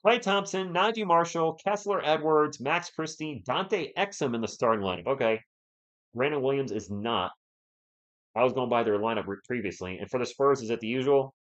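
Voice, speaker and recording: A man's voice: mid-range voice, highs cut off. A man hosting a fan live stream, calling the game play by play and bantering with the chat. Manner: animated, partisan, banters with chat.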